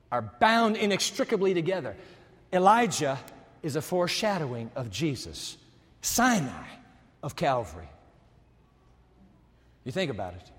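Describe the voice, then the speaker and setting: A man's voice: sits high, a bit bright. A man preaching a sermon dramatically, with much rhetorical repetition. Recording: long hall reverb.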